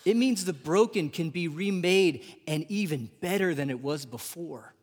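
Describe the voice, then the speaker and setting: A man in his thirties preaching a sermon. He swings from loud, rising emphasis to hushed, drawn-out near-whispers. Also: a little high, animated, breathy edge. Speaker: pastor. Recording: live sermon with long hall reverb.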